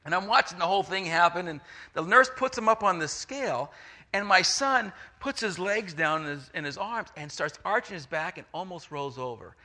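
A middle-aged man preaching a sermon, telling a story with lively acted-out voices. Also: high-pitched, normal speed. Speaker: pastor.

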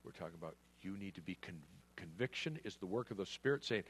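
An earnest male preacher with a fairly low voice delivers a sermon. He speaks emphatically and slips into the voices of the people he quotes. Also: expressive, brisk, fairly bright tone.

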